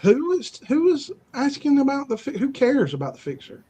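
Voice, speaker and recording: A man's voice: very high voice, wildly swooping pitch, moderate pace, warm tone. A man cutting a boastful, taunting wrestling-style promo on a stream show, stumbling over his words when fired up.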